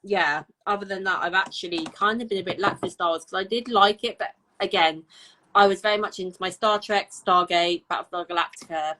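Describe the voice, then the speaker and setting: A woman guesting on a podcast, chatting casually in an animated way and laughing often. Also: medium pitch, fairly quick, rough recording. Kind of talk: casual chat.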